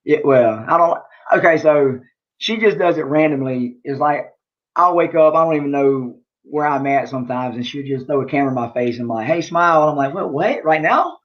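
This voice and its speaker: A man's voice: medium pitch, a little fast. Laid-back man, dull sound. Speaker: guest, fighter and army veteran. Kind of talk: casual chat.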